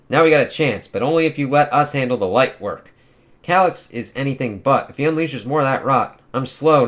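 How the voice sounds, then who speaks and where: Guy reading out a big blunt comic-book bruiser, gruff and practical, swears a bit. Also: mid-range voice, a bit bright, natural voice. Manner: reading comic dialogue aloud with emphatic swearing.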